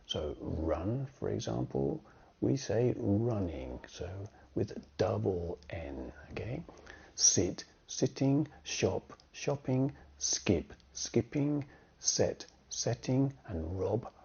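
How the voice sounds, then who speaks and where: A man teaching grammar in a slow, deliberate way, often checking in with "okay?" and "yeah?". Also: fairly low pitch, sing-song, creaky, mellow, slightly rough. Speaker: English teacher. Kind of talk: grammar lesson with acted example sentences. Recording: dull lo-fi sound.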